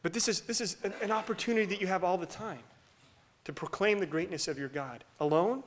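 A middle-aged man preaching a sermon to his congregation. He moves between loud, passionate bursts and hushed near-whispers, and he leads the room in call-and-response. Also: sits high, fairly quick, a little hiss or hum. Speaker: pastor.

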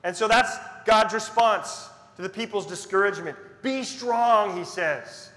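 A man's voice: high voice, normal speed, sharp tone, roomy sound, in a large hall. A man preaching a sermon as pastor, earnest and emphatic, stressing key phrases through repetition.

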